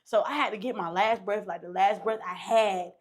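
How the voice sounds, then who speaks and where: A young woman guesting on a podcast, retelling a story in a casual, slangy way with a lot of swearing and loud, shouted bursts. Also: mid-range voice, steady tone, normal speed.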